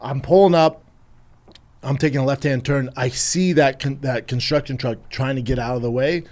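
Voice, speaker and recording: A man's voice: medium pitch, normal speed. A man, telling a story casually and profanely on a podcast and acting out the voices in it. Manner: profane, animated, acts out the voices in his story. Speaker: podcast host.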